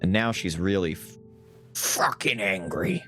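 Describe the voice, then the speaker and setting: Gaming YouTuber man, lowish voice, very animated, casual and sweary. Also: measured pace, faint music behind. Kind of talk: casual let's-play commentary.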